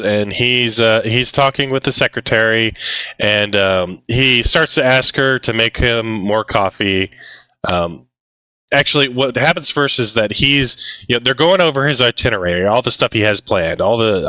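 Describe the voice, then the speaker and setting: A man's voice: medium pitch, sharp tone, dry recording, poor audio. A man co-hosting a casual film discussion, recapping scenes in a laid-back way with frequent fillers and quoted lines. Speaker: podcast co-host.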